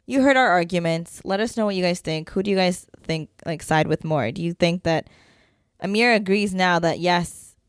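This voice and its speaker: A young woman co-hosting a podcast in casual chat, reading listener messages with quick asides. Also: lowish voice, clean tone, no room sound, clean studio sound. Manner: chatty, reads listener messages aloud with asides. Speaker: podcast co-host.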